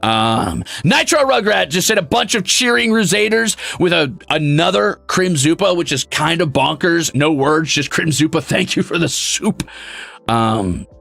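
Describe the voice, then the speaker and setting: A young man streaming casually, reading chat messages aloud, excitable and swearing freely. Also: on the high side, a little slow, gravelly, dry recording.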